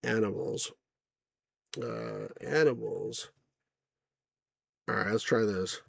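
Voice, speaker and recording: A man's voice: on the low side, fairly even intonation, slow pace, vocal fry, breathy edge. A man hosting a casual game review, rambling with asides to viewers and chuckling at the jokes. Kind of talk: casual gameplay commentary.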